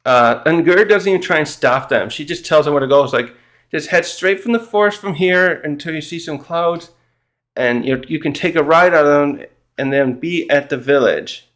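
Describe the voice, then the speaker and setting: A man recapping a manga chapter in casual chat, rambling and halting, often laughing and acting out the characters' lines. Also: on the high side, fairly bright tone. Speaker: manga reviewer.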